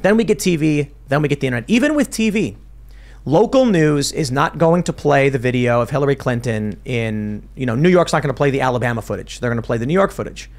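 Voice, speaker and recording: A man's voice: medium pitch, fast. A man hosting a political talk show, talking in a casual, rambling way with many restarts. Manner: animated, rambling with restarts, mimics accents. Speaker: podcast host.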